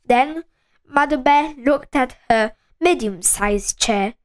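A woman reading a children's storybook aloud, slowly and with clear enunciation. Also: high voice.

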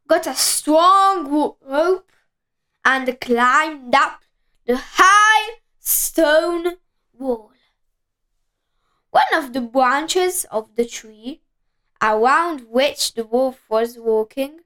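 A woman reading a children's story aloud, slowly and expressively, with dramatic pauses. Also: high-pitched, fairly bright tone, rough recording.

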